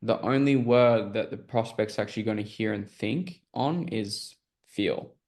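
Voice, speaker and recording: A man's voice: fairly low pitch, a little slow, creaky, darkish tone. A man coaching a group on a call, explaining sales questions in a casual, filler-heavy way and often checking that listeners follow.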